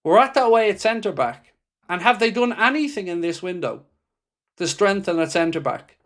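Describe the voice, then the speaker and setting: Male stream host, fairly high-pitched, blunt and impassioned, swears freely while answering viewer comments. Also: lively intonation, normal speed, a bit bright. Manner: reads viewer comments aloud and answers them. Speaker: football fan channel host. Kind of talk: livestream reaction chat.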